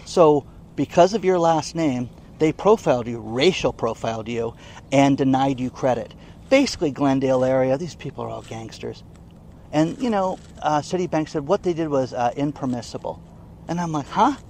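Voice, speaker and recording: A man's voice: mid-range voice, normal speed, a little mellow, slight background noise. A man giving casual, indignant news commentary in a vlog, often checking in with "okay?". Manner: indignant, emphatic, keeps asking "okay?". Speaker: online commentator.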